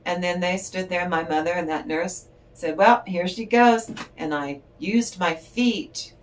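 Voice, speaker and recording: Older woman, distant and low-toned. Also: unhurried, a little hiss or hum. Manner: chatty, rambling, laughs often. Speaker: tarot reader. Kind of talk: casual spiritual chat and storytelling. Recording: voice distant from the mic.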